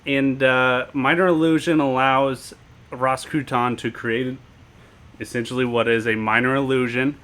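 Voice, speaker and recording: A man's voice: medium pitch, level tone, measured pace, fairly bright tone, clear, resonant tone. A man playing a tabletop game in casual chat, playful and thinking aloud as he plans his moves.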